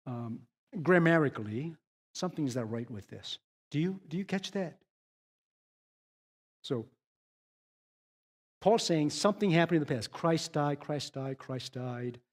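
A middle-aged man preaches a sermon at an unhurried pace, his voice sitting a little high. He drops to a hush while telling stories, then builds to loud, emphatic repeated questions. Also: expressive. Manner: swings from hushed storytelling to rising emphatic questions. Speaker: pastor.

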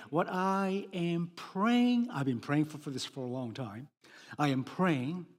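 A man preaching a sermon, emphatic, swinging between loud declarations and hushed words. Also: on the high side. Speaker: pastor. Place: church sanctuary. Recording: long hall reverb.

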